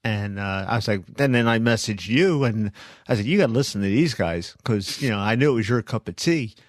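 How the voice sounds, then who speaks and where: A man's voice: on the low side, expressive, brisk, no room sound, clean studio sound. A man co-hosting a podcast in casual chat, teasing and ribbing his partner. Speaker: podcast co-host.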